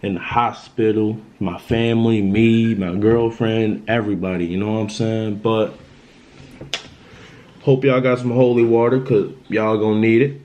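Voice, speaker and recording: A man's voice: lowish voice, fairly even intonation, measured pace, a little mellow, muffled recording, slight background noise. A young man telling a personal story on his vlog in a loose, casual monologue that circles back on itself. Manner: loose, repetitive, keeps asking "you know what I'm saying".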